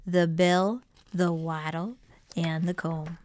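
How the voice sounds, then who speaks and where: A woman reading a children's storybook aloud with lively, playful, expressive narration. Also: fairly low pitch, takes it slowly, no room sound, clean studio sound. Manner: lively, playful pun-filled delivery. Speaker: storybook reader.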